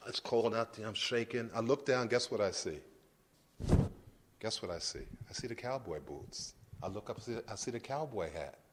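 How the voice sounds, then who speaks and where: A man in his fifties from Brooklyn, New York, giving a lively storytelling lecture and acting out scenes for the audience. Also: on the low side, normal speed, noisy background. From Brooklyn, New York, United States. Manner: animated, acts out scenes, addresses the audience directly. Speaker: guest lecturer.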